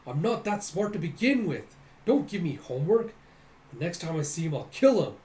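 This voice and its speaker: A man voicing a hot-headed young male cyborg fighter, gruff and brooding, in an echoey room. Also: on the high side, moderate pace, warm tone, lightly acted. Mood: frustrated.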